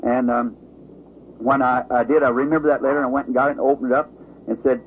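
A man preaching and telling his story, his voice lifting high at the tense moments. The sound is thin and tinny, like an old phone-band recording, and a faint hiss sits behind it. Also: steady tone, fairly quick, pauses often. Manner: storytelling, rising pitch at dramatic moments. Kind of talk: sermon testimony.

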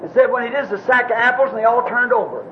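High-voiced man preaching on old tape. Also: racing. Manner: folksy, rambling retelling with repeated "said". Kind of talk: sermon storytelling. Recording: dull old tape recording with faint hiss.

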